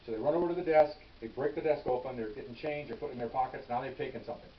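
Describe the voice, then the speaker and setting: A veteran police officer, an older man with a medium-pitched voice, tells stories casually at a brisk, animated pace, frequently restarting phrases and dropping in "okay?". He sounds distant from the mic in an echoey room, and the audio is dull and slightly lo-fi with a faint hiss.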